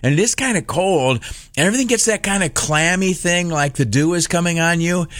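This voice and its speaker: A man's voice: fairly high pitch, fairly quick, a bit bright, dry recording. A man hosting a talk radio show, telling a rambling, sarcastic, self-mocking story full of fillers and restarts. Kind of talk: rambling comic monologue. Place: radio studio. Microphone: studio mic.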